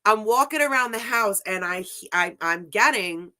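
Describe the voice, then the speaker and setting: A woman from Brooklyn, a paranormal investigator telling lively stories in a casual interview. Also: mid-range voice, normal speed. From Brooklyn, New York. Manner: animated anecdotes with laughs and quoted voices.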